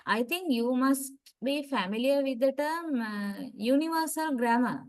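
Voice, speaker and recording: Slow, high-voiced woman lecturing. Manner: explains slowly, spells words out letter by letter, checks in with "right?" and "okay?". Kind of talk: university lecture.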